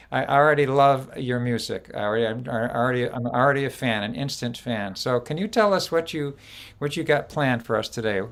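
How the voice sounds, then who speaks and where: Smooth-voiced man hosting online. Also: fairly high pitch. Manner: warm greetings, halting with fillers and restarts. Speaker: host. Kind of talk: casual online show hosting.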